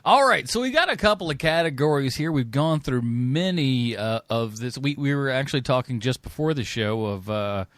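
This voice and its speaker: A man hosting a movie podcast in casual chat, joking and teasing his co-hosts, often trailing off quietly. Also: medium pitch, normal speed, few pauses, dry recording. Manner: animated, jokey, trails off quietly. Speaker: podcast host.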